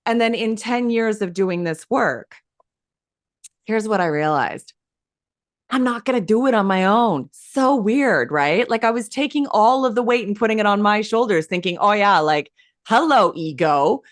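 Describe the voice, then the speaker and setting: A woman guest telling her story in an interview, lively and emphatic, acting out quoted dialogue as she goes. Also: mid-range voice, unhurried, dry recording, clean studio sound. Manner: animated, acts out quoted dialogue; emphatic and enthusiastic. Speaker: hypnosis coach and guest.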